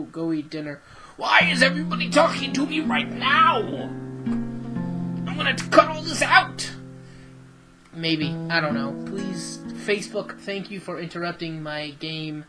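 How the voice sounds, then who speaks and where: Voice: medium pitch, animated, measured pace, rough recording. A gamer giving sarcastic, swearing commentary while playing a game. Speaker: let's-play gamer. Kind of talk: live gameplay commentary. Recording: loud game music behind.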